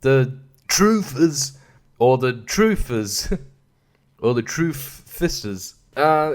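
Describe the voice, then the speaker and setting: A man's voice: mid-range voice, clean tone. An Australian man hosting a podcast, giving a sarcastic comedic monologue and chuckling between jokes. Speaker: podcast host.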